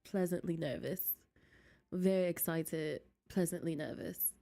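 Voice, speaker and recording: Woman streamer, chatty and giggly, slow and mellow, close desk mic. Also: mid-range voice. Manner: chatty, giggly, talks to chat. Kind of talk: casual game stream chat.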